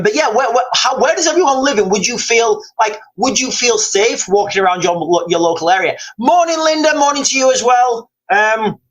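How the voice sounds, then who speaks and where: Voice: medium pitch, rough recording. Rambling livestreamer chatting to viewers. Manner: rambling, repeatedly addressing viewers as guys. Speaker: livestreamer reading chat. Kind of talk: casual live-stream chat.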